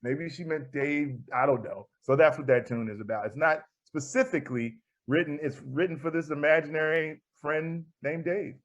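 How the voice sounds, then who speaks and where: A man telling lively anecdotes on muffled audio. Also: a little high, moderate pace, few pauses. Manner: animated anecdotes, acting out quoted voices, laughing often. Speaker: guest jazz musician and composer. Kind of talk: relaxed storytelling in an interview.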